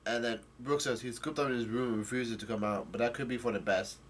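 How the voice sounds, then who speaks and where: A man's voice: medium pitch, fairly even intonation, quick pace, a little hiss or hum. A man giving a loose, rambling recap of a comic chapter, stumbling over his words and restarting as he goes. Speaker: manga chapter reviewer. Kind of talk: casual chapter recap, reading lines aloud.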